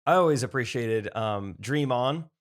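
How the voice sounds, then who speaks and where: Male co-host with a middle-range voice, playful banter, quick to laugh. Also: mid-range voice, expressive. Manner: playful, laughs often, reads aloud with asides. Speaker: podcast co-host. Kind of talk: casual chat.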